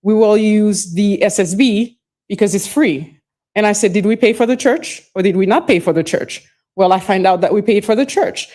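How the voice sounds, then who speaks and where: A middle-aged woman answers questions at a formal hearing. She picks her words slowly, restarts her phrases and circles back before finishing a thought. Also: medium pitch, dark tone. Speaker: witness testifying at a hearing. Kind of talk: formal testimony.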